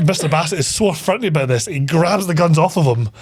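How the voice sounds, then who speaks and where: A young Scottish man co-hosting a podcast, retelling a film with lots of swearing and quick put-on voices. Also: a little high, expressive, breathy edge. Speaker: podcast co-host. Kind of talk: casual film review chat.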